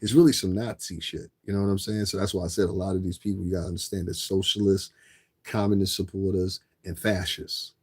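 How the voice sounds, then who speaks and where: A man's voice: low voice, fairly even intonation, a little fast, a little mellow, slightly rough. A man livestreaming a casual, rambling, profane rant to viewers, often repeating himself. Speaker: livestreamer asking viewers for donations.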